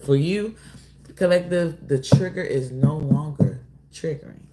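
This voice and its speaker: A woman doing a casual oracle card reading, drawling and rambling, often pausing to apologize. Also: deep voice, mellow, a little hiss or hum. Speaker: tarot reader.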